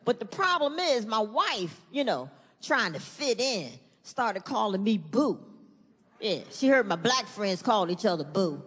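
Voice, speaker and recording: A woman performing a stand-up comedy routine, animated and profane, acting out the voices of other people. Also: mid-range voice, a little slow, husky. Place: comedy stage before an audience. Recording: live stage recording with hall echo and audience.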